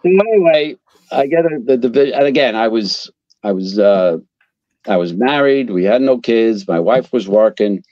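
A man's voice: medium pitch, moderate pace, dry recording. An older man from Queens, a retired fire captain telling blunt, profane stories as an interview guest. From Queens, New York. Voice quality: blunt, profane, animated storyteller. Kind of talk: casual storytelling interview. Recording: dull lo-fi sound.

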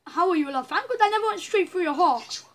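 A young woman with a high voice talks through a story game in a chatty, reactive way and often breaks into loud dismay. A faint hiss sits under her voice. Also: expressive, quick pace. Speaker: gamer playing a story game. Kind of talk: let's play commentary.

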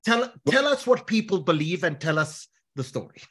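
A man's voice: high voice, sing-song, normal speed, a bit bright, husky. A man hosting an online panel interview, steering the talk between guests in a conversational way over a video call.

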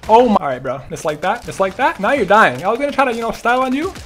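Animated, bright-voiced young gamer guy. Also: sits high, fast, slight background noise. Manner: joking, trash-talking, laughing often. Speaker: gaming YouTuber. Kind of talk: live gameplay commentary.

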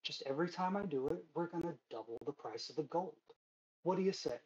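A smarmy, wheedling salesman figure, put on by a man running a tabletop game. The voice sits higher than usual and oozes oily persuasion. It comes through a dull, lo-fi stream mic. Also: lively intonation, fairly quick, darkish tone, a little hiss or hum, close to an everyday voice. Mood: coaxing. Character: smarmy fiendish used cart salesman, hunched, whispering deals.

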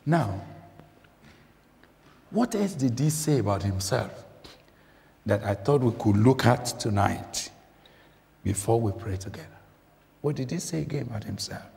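Slow, lively man preaching in a reverberant church. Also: mid-range voice, gravelly. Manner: emphatic, repeats phrases, asks the listeners questions. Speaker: guest preacher. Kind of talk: sermon. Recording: church recording with long reverb.

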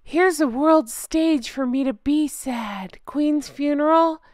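A woman's voice: high-pitched, slow pace, darkish tone, dry recording, clean studio sound. A woman voicing a glamorous woman who fakes sadness, speaking in first person with sarcastic mockery. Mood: mocking. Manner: sarcastic, mocking.

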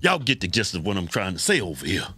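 A man co-hosting a reaction show, crude and teasing, breaking into high laughs. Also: huge pitch swings, fast, heavy background noise. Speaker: co-host reacting to clips. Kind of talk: casual commentary chat.

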